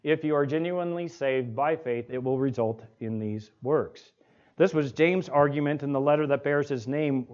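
Guy preaching a sermon, kinda high voice, keeps asking the crowd questions, muffled lo-fi sound. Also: a little mellow. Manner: asks the congregation rhetorical questions, slows words down for emphasis. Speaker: pastor. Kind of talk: expository sermon. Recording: dull lo-fi recording.

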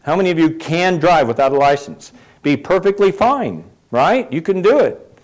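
A man's voice: a little high, expressive, moderate pace, poor audio. A middle-aged man preaching a sermon in a conversational way, putting questions to the congregation and adding light asides. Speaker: pastor.

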